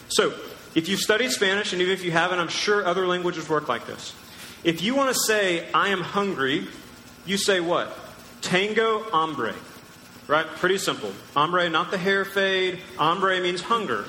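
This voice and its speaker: Emphatic pastor in an echoey hall. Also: male voice, high-pitched, expressive, moderate pace, pushed and bright, slight background noise. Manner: emphatic, teacherly, asks the crowd questions. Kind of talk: sermon. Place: large church hall. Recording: echoey church hall with long reverb.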